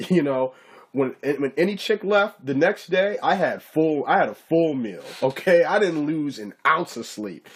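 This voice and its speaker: A man giving a casual, profane ranting commentary to camera, mocking his target and often asking if you get what he's saying. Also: a little high. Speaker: YouTube commentator.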